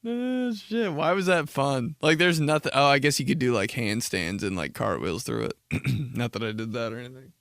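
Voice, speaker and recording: A man's voice: medium pitch, expressive, moderate pace, fairly bright tone. A young man riffing alone into the mic, rambling loosely with lots of slang and cursing in an everyday mid-range voice. The sound is dry and close, with no room echo. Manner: rambling, slangy, heavy swearing. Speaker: podcast host. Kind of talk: casual comedic monologue.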